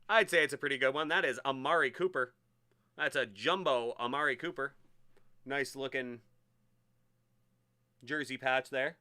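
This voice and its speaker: A man hosting a live-streamed sports card break, chatty and excitable as he hypes each card he pulls. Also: mid-range voice, clear, resonant tone.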